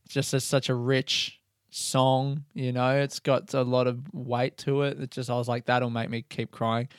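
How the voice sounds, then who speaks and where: A man's voice: medium pitch, flat delivery, unhurried, clean tone, no room sound, clean studio sound. Swearing, rambling young man. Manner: rambling, swears freely, self-mocking. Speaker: podcast host. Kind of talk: casual storytelling monologue.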